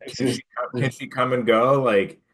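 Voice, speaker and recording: A man co-hosting a podcast, chatting casually and getting animated when retelling his reactions. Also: normal speed. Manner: animated retelling, pitch jumps when quoting himself. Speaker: podcast co-host. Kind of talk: casual chat.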